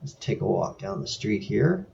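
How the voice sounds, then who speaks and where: A man's voice: fairly low pitch, sing-song, normal speed, creaky, darkish tone, muffled recording. A man from San Francisco narrating a casual screen tour in a wry, musing way. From San Francisco, USA. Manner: wry, musing, lightly sarcastic. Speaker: video creator. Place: home in France.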